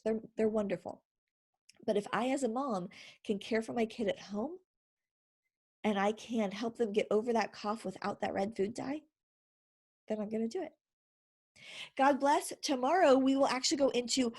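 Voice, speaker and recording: A middle-aged woman talks straight to the camera in a chatty, encouraging way, laughing now and then. Her voice sits a little high and has a husky, breathy edge. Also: darkish tone. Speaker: vlogger. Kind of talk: casual instructional vlog.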